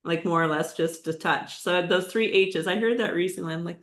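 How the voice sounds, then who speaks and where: A woman's voice: on the low side, brisk. A woman co-hosting a podcast, answering in a thoughtful, casual way with short agreeing replies. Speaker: podcast co-host.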